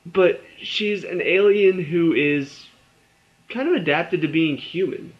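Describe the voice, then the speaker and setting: A young man with a slightly high voice rants through a casual TV review, exasperated and tripping over his own words. The recording is dull and lo-fi, with the top end muffled. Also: takes it slowly. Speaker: TV review vlogger.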